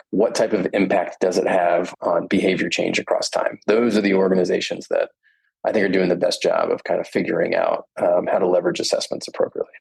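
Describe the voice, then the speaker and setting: A man's voice: deep voice, vocal fry, darkish tone, slightly rough, poor audio. A man who is a management professor, speaking as a podcast guest and explaining research in a thoughtful, storytelling way. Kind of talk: conversational explanation.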